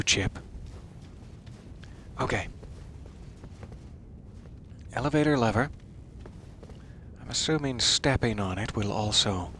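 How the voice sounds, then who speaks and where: A man's voice: mid-range voice, fairly bright tone, a little hiss or hum. A man giving casual let's-play commentary, making wry joking asides to his viewers and sometimes dropping into a mutter. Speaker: streamer playing a video game.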